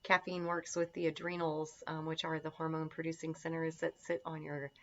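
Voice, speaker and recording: A woman's voice: low voice, flat delivery, a little fast, a little hiss or hum. A woman teaching a casual lesson on herbal remedies, chatty and enthusiastic, with lots of fillers. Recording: dull lo-fi sound.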